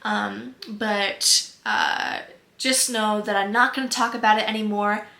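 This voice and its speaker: A nineteen-year-old woman hosting a comedic vlog, playfully mock-outraged with quick sarcastic asides. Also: medium pitch, animated, creaky, bright, forceful tone. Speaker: comedy YouTuber. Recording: echoey room with faint music.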